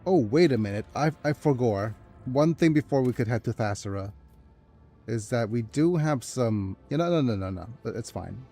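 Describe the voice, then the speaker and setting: A man playing through a strategy game, talking softly and hesitantly as he reads menus and plans quests. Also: lively intonation, normal speed, soft background music. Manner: soft low-key delivery, calling it his ASMR voice. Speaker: gaming video host. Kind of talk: let's play commentary.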